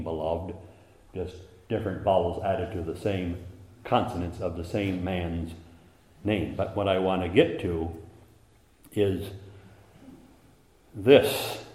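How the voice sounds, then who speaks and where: Deep-voiced preacher in an echoey room. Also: male voice. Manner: impassioned, swells to loud emphasis and drops to hushed asides. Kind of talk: sermon.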